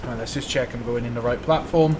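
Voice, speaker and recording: A man's voice: medium pitch, fairly quick. Chill guy streaming a train sim, joking and swearing, bit of hiss behind. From Wales. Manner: joking, swearing, laid-back banter. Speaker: live streamer playing a train simulator. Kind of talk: casual live stream chat.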